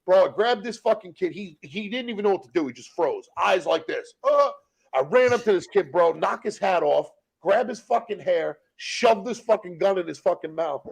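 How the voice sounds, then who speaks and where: A man telling rough stories as a podcast guest, in blunt, profane street slang. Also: high-pitched, animated, normal speed, few pauses. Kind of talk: casual storytelling.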